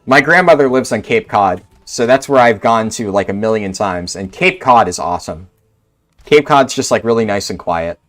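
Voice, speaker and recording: A man's voice: on the low side, expressive, normal speed, fairly bright tone. Laid-back young man streaming a game. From Central New Jersey. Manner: rambling and laid-back, many "like" fillers. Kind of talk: casual chat answering live chat.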